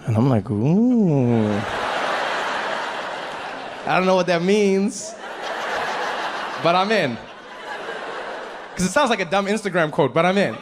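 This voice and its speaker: A man telling a stand-up story on stage, animated and playful, acting out other voices. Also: sits high, moderate pace, pauses often, in a large hall, noisy background. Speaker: stand-up comedian. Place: live comedy stage.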